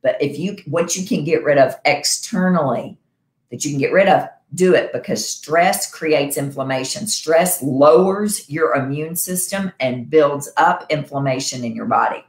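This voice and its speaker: A woman's voice: low voice, moderate pace. A middle-aged woman hosting a wellness show, coaching her viewers in a casual, upbeat way and often checking in with "right?". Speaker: wellness show host and health provider. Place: her home. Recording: echoey room.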